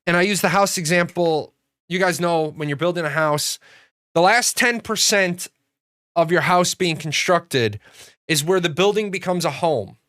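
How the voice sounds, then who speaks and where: A high-voiced man rambles through a casual monologue, cursing often and slipping into quick acted-out exchanges. The sound is close and dry, with no room around it. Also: fairly bright tone, no echo. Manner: profane, rambling, acts out dialogue in storytelling. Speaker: gaming channel host.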